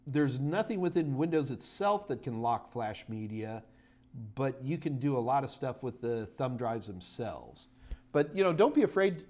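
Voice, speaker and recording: Middle-aged male host, slightly high-pitched, loose and rambling live Q&A patter with excited spikes. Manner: rambling and chatty, full of fillers and restarts, bursts of excited enthusiasm. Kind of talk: casual live-stream Q&A chat.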